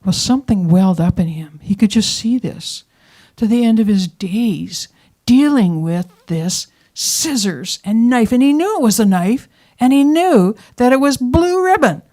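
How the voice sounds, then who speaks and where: Woman storyteller, live audience, dramatic pacing, hushes for suspense. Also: fairly high pitch, unhurried. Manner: lively, dramatic pacing, drops to whispers for suspense. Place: performance venue showroom.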